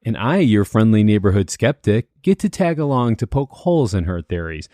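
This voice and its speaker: A man's voice: lowish voice, sing-song, normal speed, warm tone, no room sound, studio quality. A man co-hosting a paranormal podcast as the skeptic, talking in a joking, easygoing way. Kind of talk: casual podcast chat.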